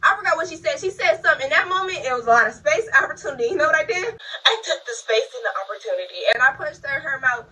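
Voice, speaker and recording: A young woman tells a story in a high, bright voice at a racing clip, animated and loose with her swearing. She talks straight to her viewers in casual storytime style. Her voice sits a little back from the mic. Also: fast, recorded from a distance, rough recording. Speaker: vlogger. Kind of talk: casual storytime while installing a wig.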